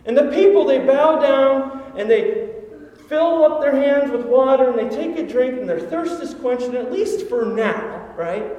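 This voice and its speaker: A man's voice: very high-pitched, animated, a little slow, dark tone, muffled recording. A man preaching a sermon as pastor, telling a story and asking rhetorical questions. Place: large echoing church hall. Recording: echoey hall reverb.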